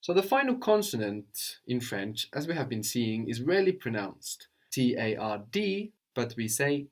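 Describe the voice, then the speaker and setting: A man teaching a language lesson, patient and probing, often checking with a quick "no?". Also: mid-range voice, big pitch swings. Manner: patient, prompts with questions, tag "no?".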